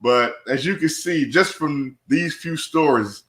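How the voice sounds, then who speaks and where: A man, a DJ and guest, speaking casually with relaxed agreement. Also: fairly high pitch, unhurried. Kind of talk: casual interview. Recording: roomy echo.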